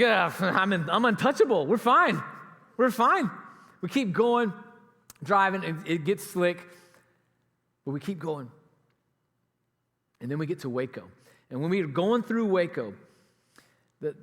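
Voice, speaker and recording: Animated pastor in a reverberant hall. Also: male voice, high-pitched. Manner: animated storyteller acting out both sides of a dialogue. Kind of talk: storytelling sermon. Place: church sanctuary.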